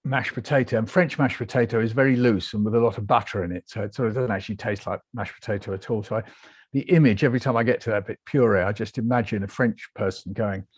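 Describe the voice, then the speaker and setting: A British man, a guest author, telling his story in a lively interview and acting out the voices he quotes. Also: on the low side, quick pace, breathy edge, no room sound. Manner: animated, acts out quoted voices.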